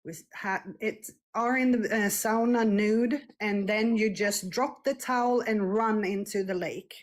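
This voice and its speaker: Slow, hesitant woman. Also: medium pitch. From Scandinavia. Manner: hesitant, searching for words, many fillers. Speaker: street interviewee. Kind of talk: casual conversation.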